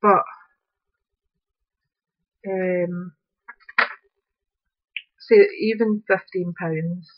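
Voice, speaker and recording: A woman's voice: fairly low pitch, steady tone, drawn-out words, long pauses, dull audio. A woman, chatting casually while demonstrating a craft project at home and thinking aloud as she works. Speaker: craft tutorial host. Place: upstairs room at home.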